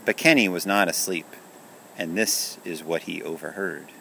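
A man's voice: low voice, normal speed, gravelly, bright, forceful tone, a little hiss or hum, low-quality recording. A man reading a children's storybook aloud in a soothing bedtime tone.

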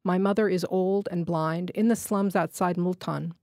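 A dying young thief, weak and tearful, begging again and again for mercy, as a woman reads him in a story. The voice sits low and close, with a dry, deadened sound. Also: fairly even intonation, normal speed, a little mellow, no echo, close to an everyday voice. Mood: pleading. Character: dying young male motorcycle robber, pleading. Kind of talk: literary reading.

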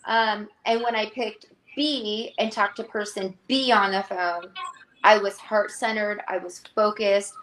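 A woman entrepreneur speaking as an interview guest, thoughtful and sincere, often pausing with "um" and "like". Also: mid-range voice, fairly even intonation, a bit bright. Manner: thoughtful, with frequent ums and likes. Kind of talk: reflective interview talk. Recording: echoey room.

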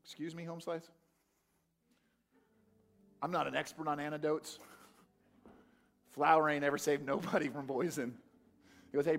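A man preaching a sermon, animated, swinging from loud calls to quiet, earnest talk. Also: medium pitch. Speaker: pastor.

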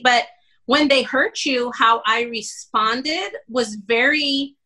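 Bright-voiced woman, emotional storyteller. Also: a little high, unhurried, poor audio. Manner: emotional, animated retelling with laughs and quoted dialogue. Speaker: guest, pastor's wife. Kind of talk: candid personal storytelling.

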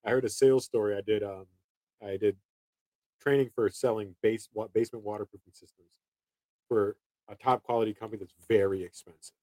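A man in his thirties talks casually about his sales work. His voice is low and mellow. He rambles and restarts his sentences, and the sound is dry and close. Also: steady tone, a little fast, dry recording, rough recording. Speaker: door-to-door salesman. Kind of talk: casual chat.

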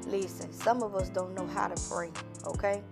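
Gravelly woman preaching with rising fervor. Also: medium pitch, steady tone, moderate pace, loud music behind the voice. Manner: preacherly, builds to fervent near-shouting; folksy, calls to the audience directly. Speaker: online encourager addressing viewers. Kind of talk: impassioned encouraging talk to camera.

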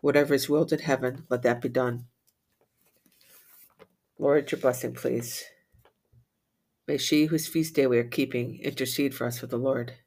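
A man reciting psalms, readings and short Latin prayers in a steady, measured way. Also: mid-range voice. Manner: steady measured recitation, rattles off Latin refrains quickly and softly. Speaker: prayer leader.

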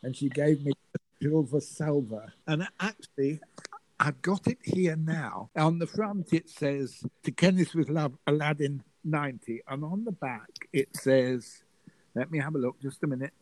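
An older man, a guest telling a lively showbiz anecdote and acting out the voices in it. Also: a little high, unhurried, no room sound, poor audio. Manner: lively, acts out the voices in his stories. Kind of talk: storytelling anecdote.

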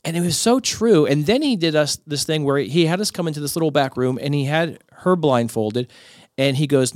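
A man hosting a podcast, telling stories in a lively, conversational way and acting out the people he quotes. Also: medium pitch, fairly quick, no echo, clean studio sound. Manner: animated storyteller acting out quoted voices. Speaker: podcast host. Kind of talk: casual storytelling conversation.

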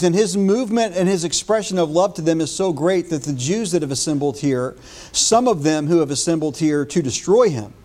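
A male pastor delivering a morning sermon. His voice sits a little high for a man, and he talks in an earnest way, restarting words as he retells scripture and reads it aloud. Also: darkish tone.

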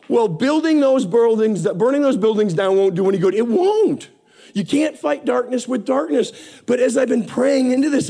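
Middle-aged male preacher, raised pitch with a gravelly edge, fervent sermon delivery. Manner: impassioned, rising and falling between hushed and emphatic.

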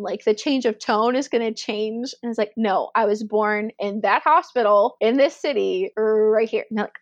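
A woman's voice: a little high, normal speed, hardly any pauses. A young woman in casual chat, reflective and telling stories with quoted dialogue. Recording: dull lo-fi recording.

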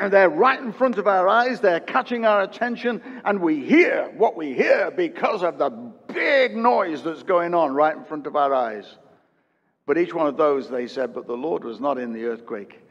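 A pastor in his fifties preaching a sermon, swinging from loud emphatic peaks to hushed quiet and repeating phrases for emphasis. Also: high-pitched, long reverb tail, dull audio. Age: 50s. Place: church.

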